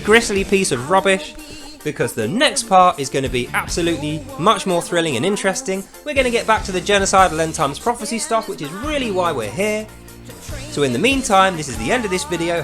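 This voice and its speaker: A man with a notably high voice delivers scornful commentary on scripture. He talks with biting sarcasm and casual swearing, like a host picking a text apart for his regular viewers. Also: fairly bright tone. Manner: sarcastic, profane, mocking. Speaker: host of a religious critique channel.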